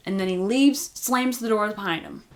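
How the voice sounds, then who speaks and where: A woman's voice: mid-range voice, normal speed. A woman giving a casual, chatty recap of a TV episode, with lots of "like" and "you know". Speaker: recap host.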